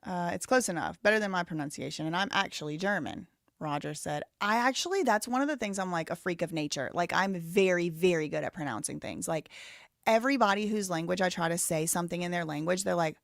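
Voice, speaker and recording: A woman's voice: on the low side, animated, a little fast, creaky, no echo, clean studio sound. A woman in her thirties hosting a live stream, rambling casually and thinking aloud with lots of "like" fillers. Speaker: livestream host.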